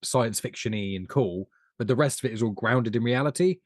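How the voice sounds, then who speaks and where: A man co-hosting a film podcast, explaining his views in a measured, wry way. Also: mid-range voice, no room sound, clean studio sound. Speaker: podcast co-host. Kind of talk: casual film podcast chat.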